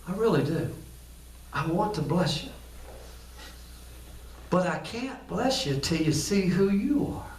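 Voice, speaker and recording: A patient male angel speaking gently and earnestly, as a preacher voices him, somewhat higher in pitch than most men. The voice sounds roomy and distant from the mic. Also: sing-song, slow, long pauses, slight background noise, full character voice. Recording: echoey room, distant mic.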